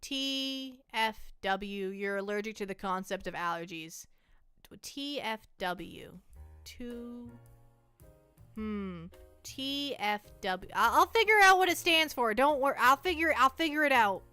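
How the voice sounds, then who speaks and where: A woman's voice: fairly high pitch, expressive, slow, sharp tone, clean tone, no room sound, faint music behind. A woman live streamer chatting casually in a playful, rambling, self-mocking way, jittery from too much caffeine, at home on a close mic. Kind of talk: casual chat to a live audience.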